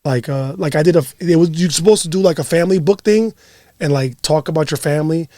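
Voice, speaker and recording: A man's voice: a little high, fast talker, warm tone, no echo, studio quality. A young man hosting a podcast, telling stories in casual chat with lots of laughter and swearing. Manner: profane, giggly storytelling. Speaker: podcast host.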